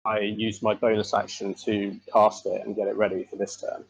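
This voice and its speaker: A man's voice: fairly low pitch, monotone, moderate pace, creaky, breathy edge, no echo, rough recording. A man playing a tabletop game, hesitantly checking rules with many uh's and um's. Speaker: player. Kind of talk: casual tabletop game chat.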